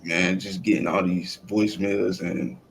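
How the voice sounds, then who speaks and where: A man's voice: low voice, flat delivery, a little slow, creaky, slight background noise. A man making seller phone calls as a real estate wholesaler, laid-back and plain-spoken. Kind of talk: phone sales call and chat.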